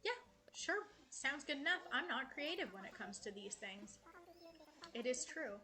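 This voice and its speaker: Bright, chatty young woman streamer. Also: high-pitched, expressive, unhurried. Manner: chatty and affectionate, cooing at characters. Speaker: gaming streamer. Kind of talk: casual game tour vlog. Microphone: headset. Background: soft game music.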